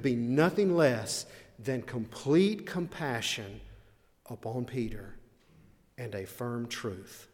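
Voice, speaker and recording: A man preaching a sermon, dramatic in delivery, dropping to hushed asides and then rising to loud, slow, emphatic phrases. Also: mid-range voice. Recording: long reverb of a large hall.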